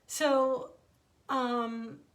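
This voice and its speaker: A middle-aged woman, an author, telling a personal story from home in a casual, animated way, rambling with asides and self-corrections. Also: a little high, drawn-out words. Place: her home.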